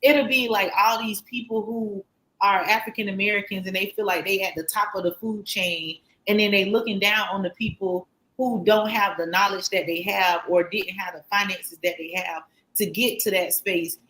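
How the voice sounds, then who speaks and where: A woman co-hosting a podcast round table in casual chat, animated and quick to laugh. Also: medium pitch, rough recording. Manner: animated, laughs often, talks in long runs. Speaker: podcast co-host.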